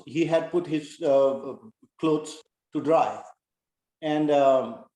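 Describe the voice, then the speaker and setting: A middle-aged man tells a personal story to a class. He speaks haltingly and earnestly, with many pauses. His voice is mellow, and it echoes in a roomy space. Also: medium pitch. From India. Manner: halting, full of fillers, earnest. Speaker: class participant.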